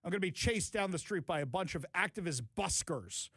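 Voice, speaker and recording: A man's voice: high voice, expressive, a little fast, fairly bright tone, husky, no room sound. A man hosting a talk show, giving opinionated commentary with sarcastic, mocking asides. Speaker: talk radio host. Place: radio studio.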